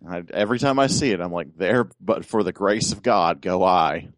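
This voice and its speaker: A man with a low voice chats on a podcast in a wry, joking way. His pitch swings widely as he talks, and the sound is dry and close with no room echo. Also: animated, moderate pace. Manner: wry, joking, puts on a booming announcer voice at times. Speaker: podcast co-host. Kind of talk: casual chat.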